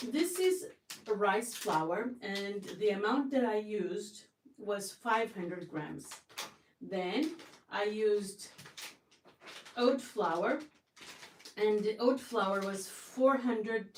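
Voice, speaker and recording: A woman's voice: medium pitch, slight background noise. Gushing woman chatting in a roomy kitchen. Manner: chatty and effusive, with many restarts. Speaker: livestream host. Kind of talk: casual livestream chat. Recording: roomy sound from a distance.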